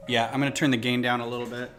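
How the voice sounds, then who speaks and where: A chatty man hosts a casual live stream from a home table, close on a desktop microphone. His voice sits at a middle pitch, and he talks his way through each step with jokey asides while ambient music plays behind him. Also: level tone, racing. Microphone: desktop USB microphone close to the speaker. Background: ambient music from a laptop.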